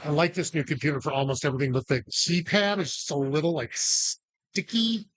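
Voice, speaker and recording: A man calling bingo numbers in a bar, drawing each number out slowly between joking asides to the players. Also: a little high. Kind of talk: live bingo calling with banter.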